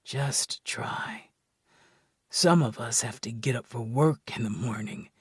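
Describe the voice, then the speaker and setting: A man voicing a husky, whispering young lover. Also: no room sound, clean studio sound. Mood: gentle. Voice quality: husky, breathy half-whisper. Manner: low, intimate and deliberate. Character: young man, earnest, guarded, soft-spoken. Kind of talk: audiobook dialogue.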